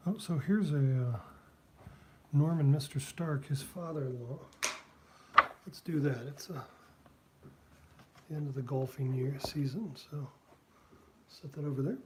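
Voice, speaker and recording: Over a noisy background, a male cartoonist in a mid-range voice chats casually while drawing on stream. His talk meanders, packed with fillers and tangents.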